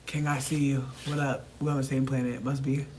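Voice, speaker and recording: A woman livestreaming while high on mushrooms, rambling and swearing as she talks to her chat and repeats herself. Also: flat delivery, brisk, darkish tone, slight background noise.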